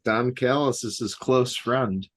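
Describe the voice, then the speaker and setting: A young man from the Chicago area co-hosting a wrestling podcast, chatting casually with deadpan, rambling jokes. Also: medium pitch, measured pace. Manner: joking, rambling, deadpan irony. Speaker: podcast co-host. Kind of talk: casual chat.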